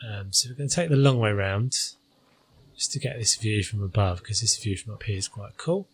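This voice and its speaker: A man's voice: fairly low pitch, a little fast, a little hiss or hum. A man hosting a gaming channel, talking through his gameplay in a casual, hesitant way with many fillers.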